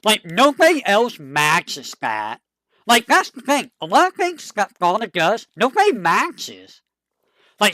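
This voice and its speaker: A streamer chatting casually to a live audience, rambling and excitable with a fond tone. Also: mid-range voice, no room sound, studio quality.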